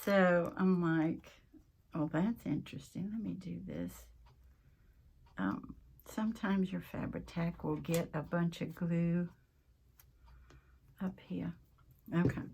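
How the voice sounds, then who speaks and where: A woman's voice: fairly low pitch, expressive, takes it slowly, gravelly, pauses often, darkish tone, breathy edge. A woman hosting a casual craft tutorial, chatting and rambling as she works, often interrupting herself. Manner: mentions her accent coming and going. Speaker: craft video host.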